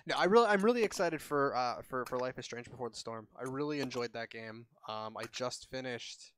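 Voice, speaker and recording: A man's voice: medium pitch, brisk, a bit bright, a little hiss or hum. A man streaming a video game, chatting casually and rambling with lots of filler words. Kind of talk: casual gaming chat.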